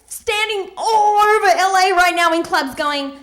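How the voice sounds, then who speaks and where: A woman's voice: very high-pitched, unhurried, fairly bright tone. A woman performing stand-up on a club stage, mocking club girls with sarcastic impressions. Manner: mocking valley-girl impressions, sarcastic punchlines. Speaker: stand-up comedian. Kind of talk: stand-up set.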